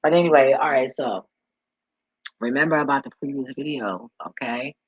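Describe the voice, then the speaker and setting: A man's voice: medium pitch, moderate pace, breathy edge, dry recording, dull audio. A man talking casually in a vlog, rambling and profane as he tells stories and laughs along the way. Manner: loose, profane, laughing storyteller. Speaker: vlogger and delivery driver.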